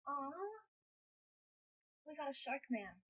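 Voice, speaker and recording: A woman's voice: high voice, takes it slowly, fairly bright tone, poor audio. A woman live streaming in casual chat, playful and blunt, swearing freely, speaking English as a second language. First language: not English.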